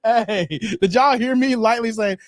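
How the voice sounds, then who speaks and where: High-voiced joking streamer man. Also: a little slow, no room sound, clean studio sound. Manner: laughing, joking, repeating "hey, man". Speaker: streamer reacting to dating show clips. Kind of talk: casual livestream reaction.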